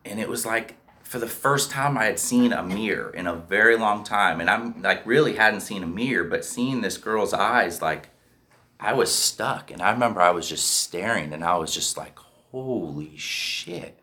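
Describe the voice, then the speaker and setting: Deep, bright-toned man telling his story. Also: normal speed. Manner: candid and profane, keeps checking in with "right?". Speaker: speaker sharing a recovery story. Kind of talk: personal storytelling.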